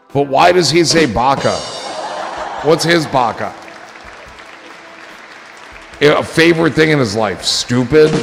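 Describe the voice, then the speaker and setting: Gravelly man chatting on a livestream. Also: medium pitch, in a large hall. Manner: joking, rambling, swears casually. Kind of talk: casual livestream chat.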